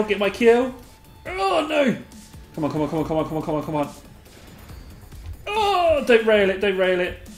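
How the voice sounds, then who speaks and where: Excitable gamer narrating play, lots of giggles and high squeals, voice swoops all over, roomy echo with faint music. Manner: mutters quietly to self between bursts. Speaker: gaming video host. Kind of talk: live gameplay commentary.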